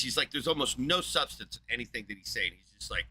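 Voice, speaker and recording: A man's voice: mid-range voice, animated, quick pace, hardly any pauses, bright, forceful tone, breathy edge, rough recording. A man, hosting and ranting angrily with heavy profanity and mockery. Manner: profane, heated, mocking. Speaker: channel host. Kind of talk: angry political rant.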